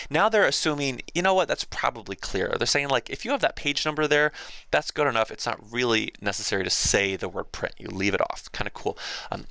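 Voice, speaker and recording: A man teaching a casual, chatty lesson, quick and animated with playful asides. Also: fairly low pitch, vocal fry, no echo. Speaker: writing teacher.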